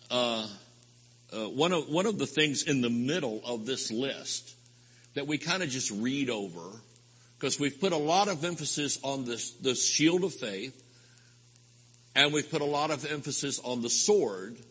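A man preaching a rambling, folksy sermon with sudden loud outbursts at a live convention. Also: medium pitch, husky. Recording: live hall recording with long reverb.

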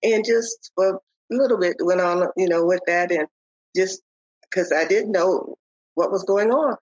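An older woman, a podcast guest, telling the story of her faith in a halting way, with many pauses and restarts. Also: on the low side, a little mellow, husky, no room sound. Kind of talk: telling a personal faith testimony. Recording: dull, lo-fi audio.

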